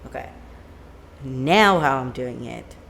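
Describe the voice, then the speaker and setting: Slow, rambling live-stream musician. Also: mid-range voice, expressive, gravelly, a bit bright, slight background noise. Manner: rambling, leans on "like" fillers. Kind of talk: casual live-stream chat. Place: home room with a plain white backdrop.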